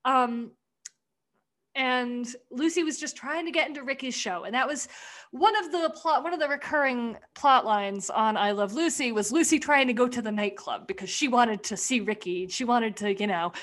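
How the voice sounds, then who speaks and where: A woman's voice: a little high, normal speed, a bit bright. A woman in casual podcast chat, rambling through a sketch recap, swearing freely and acting out quoted lines. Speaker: podcast co-host.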